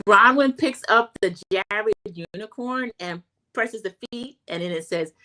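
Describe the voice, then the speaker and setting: A middle-aged woman hosting a livestream, casually recapping a reality TV episode and giving her opinions, chatty and animated when she acts out quoted lines. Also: medium pitch, measured pace, rough recording. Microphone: home streaming setup.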